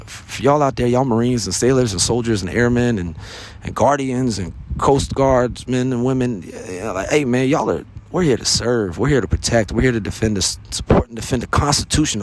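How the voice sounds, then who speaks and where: A man's voice: mid-range voice, slight background noise. An American man hosting a podcast, speaking in an earnest, casual monologue, often tagging his sentences with "man" and "right?". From United States. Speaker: podcast host.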